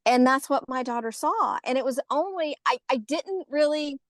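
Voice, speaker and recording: A middle-aged woman with a Southern American accent, a podcast guest telling a personal story in casual conversation, lively and acting out the voices she quotes. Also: high voice, moderate pace, no room sound. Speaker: podcast guest, haunted tour organizer.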